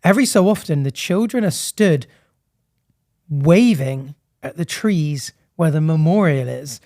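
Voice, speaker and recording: A man's voice: a little high, expressive, unhurried, a little mellow. A man co-hosting a podcast in casual comedic chat, playful and laughing often, acting out little voices. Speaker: podcast co-host. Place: studio on a high floor.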